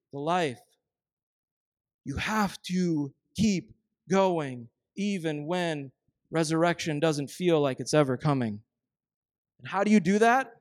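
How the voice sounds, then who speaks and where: A man preaching a sermon as pastor, emphatic, often dropping into slow, quiet intensity for key phrases. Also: fairly high pitch, no echo, studio quality.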